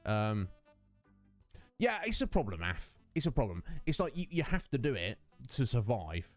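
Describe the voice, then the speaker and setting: A man's voice: mid-range voice, big pitch swings, normal speed, faint music behind. Rambling man chatting with viewers. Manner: rambling, many fillers, self-mocking. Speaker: livestream host. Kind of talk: casual chat with viewers.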